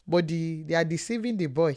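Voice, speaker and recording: A woman's voice: sits low, brisk, a little mellow. A woman co-hosting a casual chat, speaking emphatically, telling anecdotes and asking rhetorical questions. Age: adult parent. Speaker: co-host.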